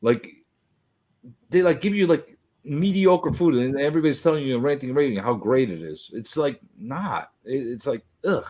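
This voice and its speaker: A man's voice: medium pitch, expressive, darkish tone. A man from New York in casual chat, talking bluntly and stumbling over his words. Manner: halting, repeats words, blunt opinions. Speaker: podcast co-host.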